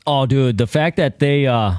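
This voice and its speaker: A man from a radio show crew joining the chat in a lively, amused way. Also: medium pitch, normal speed, no echo, clean studio sound. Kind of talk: casual sports radio chat.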